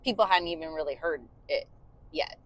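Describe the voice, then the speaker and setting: Woman co-host, low voice, chatty and loose, car conversation. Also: animated, normal speed, a bit bright, dry recording, poor audio. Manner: chatty, many fillers, sings short demo bits. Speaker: podcast co-host and bandleader singer. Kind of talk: casual chat. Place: inside a moving car.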